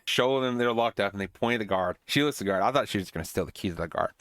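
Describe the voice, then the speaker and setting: A man's voice: lowish voice, expressive, fast, fairly bright tone, no echo. A man hosting a podcast, casually recapping a film in a rambling way with many restarts. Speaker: podcast host.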